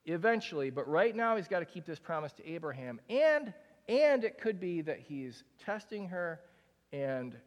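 A young man preaching a sermon to a congregation in a large room, speaking in a candid, conversational way with frequent casual fillers. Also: on the high side. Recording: long hall reverb.

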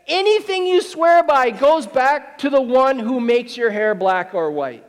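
Brief: male pastor with a high voice, emphatic and conversational sermon delivery, long hall reverb. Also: expressive, moderate pace, hardly any pauses. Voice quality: emphatic and conversational, with wry asides.

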